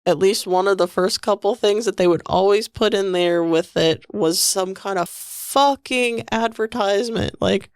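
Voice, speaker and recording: A woman chatting on a podcast, reminiscing and swearing freely as she riffs about a movie. Her voice is at a middle pitch for a woman, close-miked and dry. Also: measured pace, hardly any pauses, clean tone, dry recording. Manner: profane, chatty, nostalgic. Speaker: podcast co-host. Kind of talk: casual movie-review chat.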